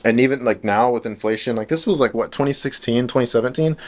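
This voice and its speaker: A man's voice: mid-range voice, quick pace. Laid-back young man rambling. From United States. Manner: relaxed, filler-heavy, frequent "like" and restarts. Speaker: trading vlogger. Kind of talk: casual rambling monologue.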